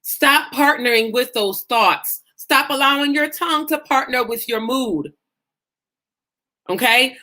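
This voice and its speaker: A faith-based life coach teaches her group in a high, bright, forceful voice that runs a little slow. She speaks with passion and emphasis in a preacherly style, acting out self-talk in quotes.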